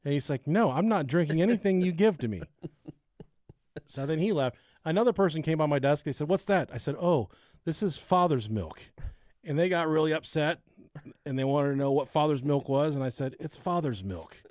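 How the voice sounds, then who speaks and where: Podcast co-host, male, slightly high voice, dry close sound, loose and profane storyteller. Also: animated, moderate pace, darkish tone, dry recording. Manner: laid-back, swearing, laughing at his own joke. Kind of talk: casual podcast chat and true-crime storytelling.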